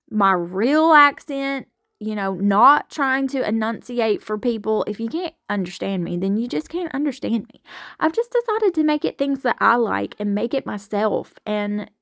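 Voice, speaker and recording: A woman's voice: fairly high pitch, a bit bright, no echo, clean studio sound. A woman from Alabama with a Southern accent, chatting frankly and folksily to camera as a home vlogger while washing dishes in her kitchen. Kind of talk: casual chat to camera while doing chores.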